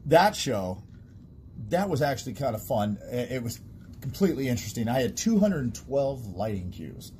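Animated, laughing man telling stories. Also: mid-range voice, moderate pace, a little hiss or hum. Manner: laughing storyteller, animated, trailing restarts. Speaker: guest, stage sound and lighting technician. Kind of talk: casual chat.

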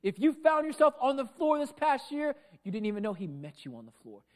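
Male pastor preaching, very high and animated voice, loud and projecting, big swings between shouts and hushed asides. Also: a little fast. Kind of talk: sermon. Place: church sanctuary. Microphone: microphone.

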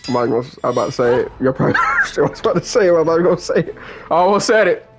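A young man talks through his fighting-game run, cursing freely and flipping from quiet grumbles to loud shouts. His voice sits a little high for a man. Faint game music plays behind him. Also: big pitch swings, fast talker. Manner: profane, swings from muttering to yelling at the game. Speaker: gaming streamer. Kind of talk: live gameplay commentary.

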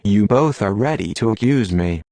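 A man's voice: on the low side, animated, moderate pace, mellow, no echo. A man voicing an earnest young male Jedi apprentice who pleads urgently, in an audiobook.

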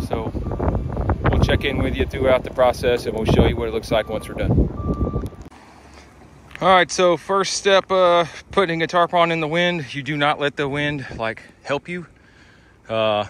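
A man casually vlogging as a roofing contractor, chatting easily while eating and working outdoors. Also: medium pitch. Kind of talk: casual vlog talk to camera. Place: outdoors by a car and on a roof, wind and traffic around. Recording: loud outdoor noise behind.

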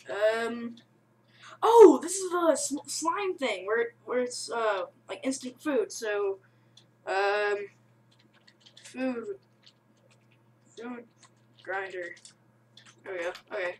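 A young woman giving excitable, rambling let's-play commentary on her game, breaking into yelps. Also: on the high side, takes it slowly, long pauses. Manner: excitable, rambling, bursts of yelling. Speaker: gamer. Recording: distant mic with faint hiss.

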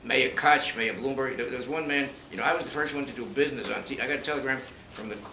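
An older man with a New York accent spins show-business stories for a live crowd, jumping in and out of quoted voices. His tone is bright and forward. The sound carries the echo of a roomy space with a faint hiss underneath. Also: mid-range voice, fast. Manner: rambling show-business anecdotes with acted-out quotes. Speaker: host. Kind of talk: storytelling at a live event. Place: bookshop event room with an audience.

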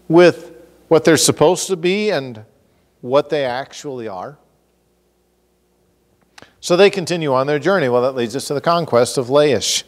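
A male pastor delivers an expository sermon in a church sanctuary. His voice sits a little high, and he acts out the characters with comic exasperation. A long reverb trails each phrase through the hall.

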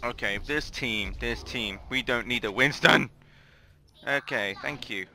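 Bright-voiced gamer man. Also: mid-range voice, a little slow, faint music behind. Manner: animated, swearing, dry humour. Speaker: gamer in voice chat. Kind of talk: casual chat.

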